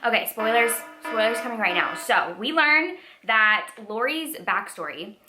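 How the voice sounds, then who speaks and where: A young woman chatting about books in a lively vlog, with a bright, sharp voice. She talks expressively and animatedly, often trailing into fillers. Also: mid-range voice. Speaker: book vlogger. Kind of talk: casual book review vlog.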